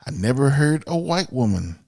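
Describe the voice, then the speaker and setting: A man's voice: medium pitch, sing-song, moderate pace, vocal fry, a little mellow, no echo, studio quality. A man from Miami hosting a podcast, ranting bluntly and profanely in an opinionated solo monologue. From Miami, USA. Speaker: podcast host.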